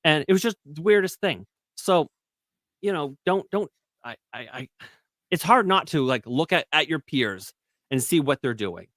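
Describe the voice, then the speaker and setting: A man with a bright, forceful voice that sits a little high for a man, chatting casually as a guest on a live stream. He rambles, restarts, and acts out exchanges with sudden squeaky jumps in pitch. The sound is dry and close. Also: sing-song, normal speed, dry recording. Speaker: guest content creator.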